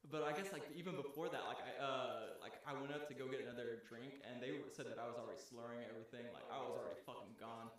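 A man's voice: medium pitch, fast, few pauses. A young man hosting a podcast, casually telling a long story among friends, rambling with lots of fillers and swearing. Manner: rambling, filler-heavy, profane. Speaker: podcast host. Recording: very echoey room.

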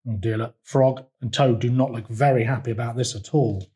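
A man reads a children's picture book aloud at a mid-range pitch. His delivery is gentle and easygoing, and he pauses to point out things in the pictures for young listeners. The tone stays warm and unhurried. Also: steady tone. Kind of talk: children's storytime read-aloud.

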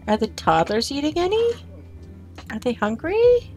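Woman streamer, chatty gameplay commentary, higher voice, slow easy delivery. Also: big pitch swings, darkish tone, faint music behind. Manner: chatty, talks to game characters and chat.

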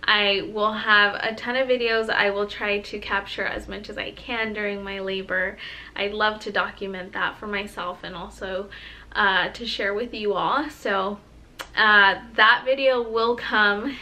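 A woman's voice: mid-range voice, steady tone, unhurried, sharp tone, poor audio. A young pregnant woman talking to her viewers in a casual home vlog, gushing and emotional, close to tears. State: heavily pregnant. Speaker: vlogger. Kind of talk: casual vlog talk to camera.

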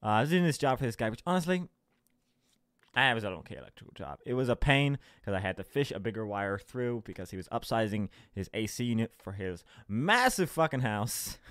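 A man's voice: mid-range voice, big pitch swings, a little fast, a bit bright, clear, resonant tone, dry recording, studio quality. A young man hosting his own podcast, ranting casually with lots of swearing, sarcasm and laughter. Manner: sarcastic, swearing, laughing mid-sentence, mocking voices. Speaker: podcast host. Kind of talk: casual solo rant. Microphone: home recording setup.

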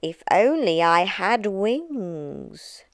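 A woman voicing a wide-eyed, eager young male slug who speaks in a slow, drawn-out, wondering way. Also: medium pitch, big pitch swings, over music. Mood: dreamy.

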